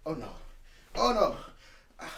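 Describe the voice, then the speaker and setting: A man's voice: fairly high pitch, sing-song, drawn-out words, gravelly, fairly bright tone. A man hosting a football fan channel, giving a casual match preview in an emphatic, slangy, repetitive way.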